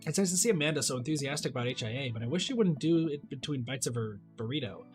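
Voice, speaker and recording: Streamer reading a dating game out loud, goofy little jokes, bouncy voice, quiet guitar in the back. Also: medium pitch, animated, fast, few pauses. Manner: playful, joking asides. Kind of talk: let's play with read-aloud dialogue and jokes.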